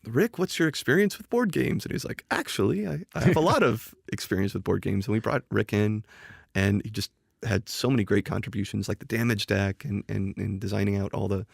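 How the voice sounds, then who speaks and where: On a casual podcast, a game designer guest tells a story animatedly, acting out quoted dialogue and often restarting and repeating words. His lowish voice is brisk, gravelly and slightly rough, recorded at studio quality with no echo.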